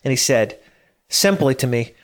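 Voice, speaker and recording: A man's voice: mid-range voice, lively intonation, normal speed. A man in his late thirties giving a casual motivational monologue, earnest and prone to stammering and repeating words as he gets worked up. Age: 30s. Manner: laughs at himself now and then.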